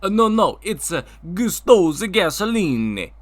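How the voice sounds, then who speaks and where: A man voicing a proud Italian businessman in a comedic talk show sketch, with a put-on Italian accent and slow, sing-song speech. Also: high voice, big pitch swings, a bit bright, voice pushed up, heavily acted. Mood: cheerful, proud. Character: boastful Italian businessman with very long name, adult man.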